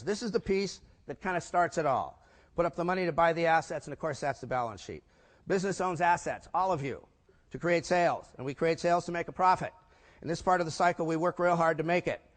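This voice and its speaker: An older man giving a punchy business conference talk, tossing rhetorical questions to the audience. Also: fairly high pitch. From United States. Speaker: keynote speaker. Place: large conference hall. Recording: echoey hall.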